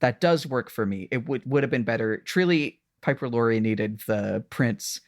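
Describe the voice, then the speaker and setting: A woman co-hosting a podcast, recapping a TV episode in casual chat, animated, laughing often and swearing between many fillers. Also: rumbling low, moderate pace, dry recording, clean studio sound. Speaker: podcast co-host.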